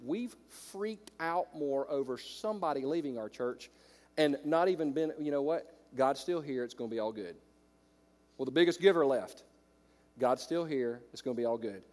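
A man preaches with fiery conviction, his fairly high voice dropping to hushed asides before climbing to ringing declarations. Long reverb carries his words through a large church hall. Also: a little fast. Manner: impassioned, swings from hushed to loud. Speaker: pastor. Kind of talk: sermon.

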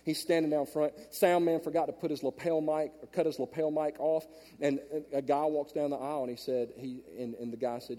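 High-voiced preacher man in a reverberant hall. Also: fairly even intonation, fairly quick. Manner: storytelling preacher, swings from hushed asides to loud emphatic peaks. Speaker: pastor. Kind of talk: sermon. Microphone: handheld mic.

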